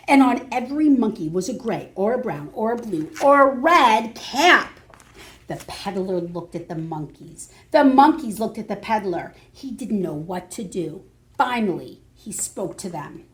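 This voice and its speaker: A librarian reading a picture book aloud to children, expressive, with dramatic gasps and prompts for the kids. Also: female voice, medium pitch, a little slow. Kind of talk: storytime read-aloud for children.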